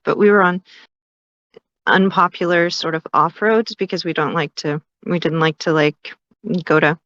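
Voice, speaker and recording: A woman's voice: fairly low pitch, fairly bright tone, dry recording, lo-fi sound. A woman calling in to a show, telling a creepy story in a chatty way, laughing now and then. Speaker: caller.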